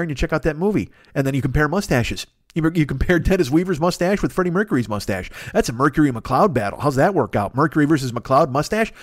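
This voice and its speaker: Fast, profane ranting male podcast host. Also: medium pitch, dry recording, studio quality. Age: 40s. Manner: profane, rambling, quick riffing rant with mock voices. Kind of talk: solo comedic monologue.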